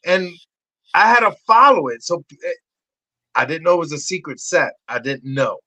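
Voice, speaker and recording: A man in his forties, a podcast guest telling wild stories with swearing and excitable energy. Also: normal speed, no echo, rough recording. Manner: excitable, swearing, acts out voices in high shouts. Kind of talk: animated storytelling.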